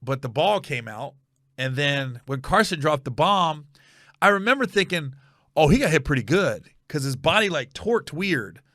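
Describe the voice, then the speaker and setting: A man hosting a comedy podcast, telling a funny story with animated energy and loud reenactments. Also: normal speed, no echo, studio quality. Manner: animated storyteller, bursts into high shouted yelling when reenacting.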